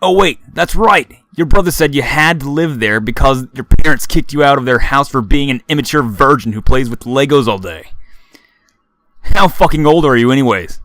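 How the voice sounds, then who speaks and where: A man's voice: medium pitch, expressive, moderate pace, a bit bright, no room sound, voice pushed up. A man voicing a crude, mocking young frat boy who taunts and bullies. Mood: taunting. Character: sneering young male frat boy bully.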